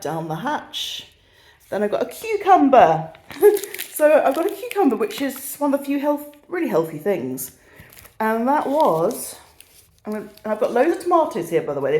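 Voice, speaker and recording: A woman's voice: mid-range voice, a little mellow, echoey room. A woman in her thirties with a British accent, chatting casually through a shopping haul in a self-mocking, easily sidetracked way. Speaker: vlogger.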